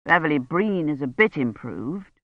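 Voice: medium pitch, very animated, moderate pace, no room sound, lo-fi sound, pitched below the performer's own voice. A reader voicing a tired, grey-haired woman doctor who speaks in clipped, worried phrases. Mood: weary.

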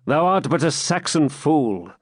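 A man's voice: a little high, sing-song, measured pace, dry recording, studio quality, pitched above the performer's own voice. A man doing a stern, commanding pilgrim. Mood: scornful. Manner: grave, commanding, archaic speech. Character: stern commanding male pilgrim, young warrior.

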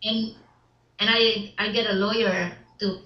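A woman speaking English as a second language in a casual interview. She starts over often and repeats words as she goes. Her voice sits in a middle pitch and comes through an echoey, somewhat dull recording. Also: fairly even intonation. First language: not English. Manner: halting, repeats words, broken grammar, laughs often. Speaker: actress and filmmaker guest.

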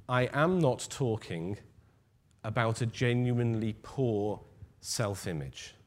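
Male preacher, mid-pitched, measured and emphatic sermon delivery, hushes key words.

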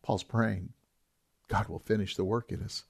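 A man's voice: lowish voice, steady tone, unhurried, gravelly, husky. A man preaching a sermon as a pastor, talking in an earnest, emphatic way and repeating key phrases.

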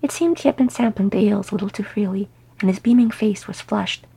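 Husky woman reading a story. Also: mid-range voice, fast, poor audio. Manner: animated, voices each character. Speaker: audiobook reader. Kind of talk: fan fiction audiobook narration.

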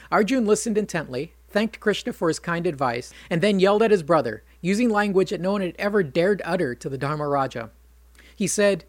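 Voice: medium pitch, expressive, a little fast, dry recording. A narrator casually retelling an old epic, adding wry conversational asides.

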